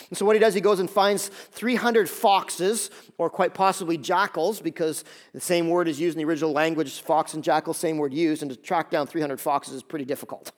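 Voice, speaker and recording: A male pastor preaching a sermon, retelling a story in a lively, joking way and acting out the characters' lines. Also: fairly high pitch, a little fast. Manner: lively storytelling, acts out voices.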